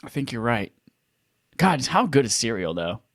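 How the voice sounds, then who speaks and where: A podcast co-host in casual chat, an animated, mock-dramatic storyteller talking from home over a video call. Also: medium pitch, moderate pace, no room sound, studio quality.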